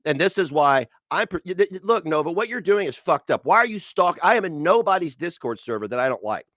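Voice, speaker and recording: Male streamer, angry profane rant, lively swooping delivery, dry close mic. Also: on the high side, brisk, dry recording. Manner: profane, ranting, sarcastic.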